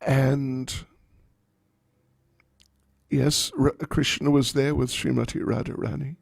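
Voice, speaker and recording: A man, a spiritual teacher, telling a story in a class, animated and wryly humorous. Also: medium pitch, takes it slowly, creaky, no echo, clean studio sound.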